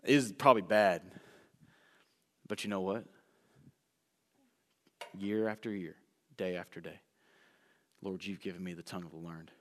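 A self-professed fast talker preaches in a church sanctuary, easing his pace for emphasis and swinging between booming bursts and whispered asides. His voice sits low with a steady tone, and the recording carries echoey church reverb.

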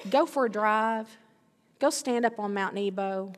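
A woman's voice: medium pitch, unhurried. A middle-aged woman preaching a sermon, emphatic, repeating key phrases and building in intensity. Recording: long reverb of a large hall.

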